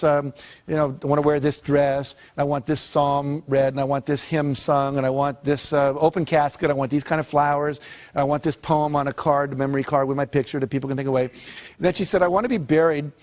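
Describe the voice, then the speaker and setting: An older man giving a motivational talk and telling lively stories, acting out the people in them. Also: a little high. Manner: lively storyteller who acts out quoted characters. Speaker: motivational speaker.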